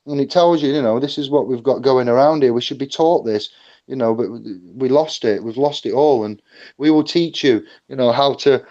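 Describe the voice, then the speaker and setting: A man's voice: medium pitch, normal speed, dull audio. Jokey man giving a seminar talk. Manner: jokey, animated, acts out phone calls. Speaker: seminar speaker.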